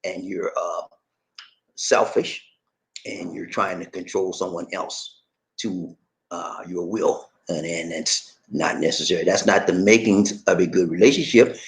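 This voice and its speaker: A man hosting a livestream, chatting casually and reading viewer comments aloud in an animated, laughing, drawling way. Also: low-pitched, unhurried, creaky. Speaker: livestream host.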